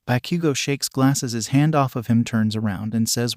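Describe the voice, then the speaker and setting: A man's voice: medium pitch, moderate pace, hardly any pauses, a little mellow, no echo. Man reading a story, dry sound. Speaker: fan fiction reader. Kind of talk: steady story narration.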